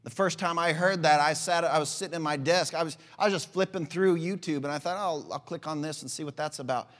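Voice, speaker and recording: A man preaches with fervent, emphatic conviction, pressing his points and calling for amens. His voice sits somewhat high, and a long reverb trails behind it. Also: brisk, fairly bright tone. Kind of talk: sermon.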